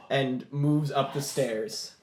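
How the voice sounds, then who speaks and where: A man's voice: mid-range voice, a little fast, roomy sound. A man running a tabletop game as game master, narrating scenes in a rambling way and restarting his sentences.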